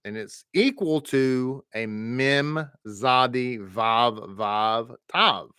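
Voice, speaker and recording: A Texan man leads an online reading class, chatty and relaxed, drawing words out and repeating them for his students. His voice is bright and forward, and the sound is very dry and close to the mic. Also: mid-range voice, extremely slow, clean tone, dry recording. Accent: Texas. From American South. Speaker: Hebrew reading teacher.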